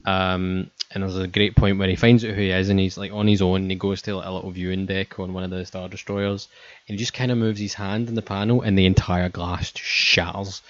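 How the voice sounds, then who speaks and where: A man's voice: deep voice, little pitch movement, fairly quick, dry recording. A man chatting casually and ranting animatedly with friends, swearing a lot. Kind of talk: casual chat. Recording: dull lo-fi sound.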